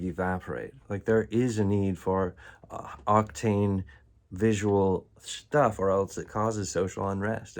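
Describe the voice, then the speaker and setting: Low, gravelly man rambling to viewers. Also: a little mellow. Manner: loose and disjointed, many fillers, breaks into laughter. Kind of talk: rambling solo monologue to viewers.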